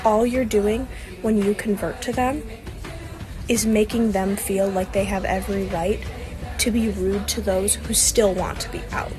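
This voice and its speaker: A woman's voice: medium pitch, fairly even intonation, a little slow, over music, rough recording. A woman in a vlog, defiant and emphatic, firing off blunt instructions. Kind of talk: vlog rant.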